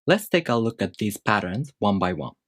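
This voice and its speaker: A man teaching a language lesson, explaining rules step by step in a measured, scripted way. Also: on the low side, animated, no echo, clean studio sound.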